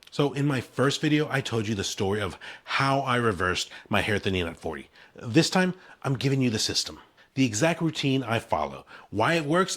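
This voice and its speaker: A man's voice: mid-range voice, fairly bright tone. A man in his forties talking to camera in an upbeat, punchy promotional style, selling his own hair routine in short emphatic phrases. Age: 40s. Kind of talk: scripted promotional talk to camera.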